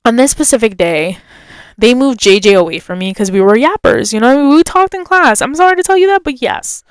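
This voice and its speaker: A young woman hosting a podcast, telling a story in a chatty, animated way with lots of fillers and quoted voices. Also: medium pitch, clear, resonant tone, dry recording, clean studio sound. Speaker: podcast host. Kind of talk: casual storytelling.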